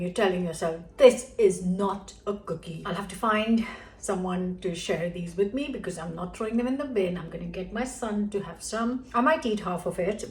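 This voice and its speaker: A middle-aged woman chatting frankly as she cooks on a home cooking vlog. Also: lowish voice. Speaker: cooking vlogger. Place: home kitchen. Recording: roomy kitchen echo.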